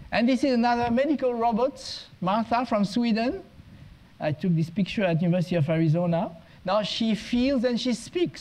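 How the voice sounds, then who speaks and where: A man's voice: sits high, a little mellow, poor audio. A man, an education consultant, giving a conference talk, telling humorous anecdotes with small restarts along the way. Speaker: guest speaker, education consultant.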